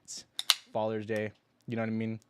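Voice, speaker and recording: A young man hosting a casual stock trading livestream, rambling and joking in slang, with sudden loud mocking bursts. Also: fairly low pitch, completely flat delivery, a little fast, heavy background noise.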